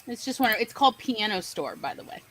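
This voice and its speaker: A woman hosting a casual live-stream chat, bubbly and exclamatory and quick to laugh. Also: medium pitch, very animated, fairly bright tone. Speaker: podcast host.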